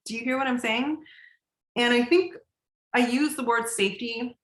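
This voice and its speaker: A woman teaching in a relaxed, conversational way, full of "like" and casual swearing. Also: fairly high pitch, moderate pace. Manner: conversational, heavy use of "like", swears casually, laughs often. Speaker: coach. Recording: roomy echo.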